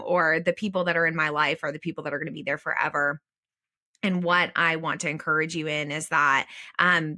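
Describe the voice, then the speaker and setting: Bright-voiced woman hosting a reflective podcast. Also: fairly low pitch. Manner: earnest, encouraging, speaks to listeners directly. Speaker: podcast host. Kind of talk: reflective solo podcast talk.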